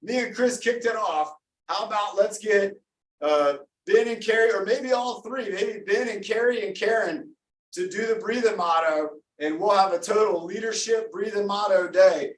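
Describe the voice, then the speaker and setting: A man's voice: high-pitched, moderate pace, reverberant, distant mic, a little hiss or hum, low-quality recording. A man leading a live online workout class as coach, upbeat and encouraging, calling out names and counting down reps. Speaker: fitness coach.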